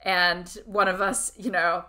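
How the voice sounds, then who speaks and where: A woman co-hosting a casual book podcast, sarcastic and quick to laugh. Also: lowish voice, level tone, bright, forceful tone. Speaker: podcast co-host. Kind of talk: casual book-discussion chat.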